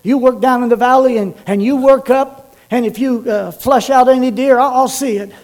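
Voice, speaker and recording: A man's voice: very high voice, steady tone, moderate pace. A man voicing a middle-aged father out hunting who gives orders to his son and hollers across a valley. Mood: directing. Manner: directing, then shouting.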